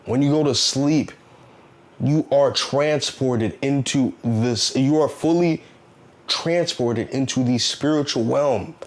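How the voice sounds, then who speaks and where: Earnest man giving a preachy talk. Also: mid-range voice. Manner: earnest, repetitive, preachy, with rhetorical questions. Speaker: self-help vlogger. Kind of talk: casual motivational talk.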